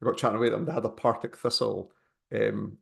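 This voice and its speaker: A man's voice: fairly low pitch, little pitch movement, fast talker, gravelly. A Scottish man, co-host of a podcast, chatting casually and rambling through a story. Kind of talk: casual chat.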